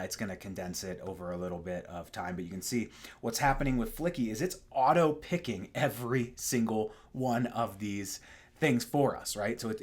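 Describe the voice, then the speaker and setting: A young man casually walking through software on screen, dropping frequent fillers and asking "right?" as he goes. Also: mid-range voice. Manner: relaxed, full of fillers and tag questions. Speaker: software tutorial presenter. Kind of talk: casual screen-share walkthrough.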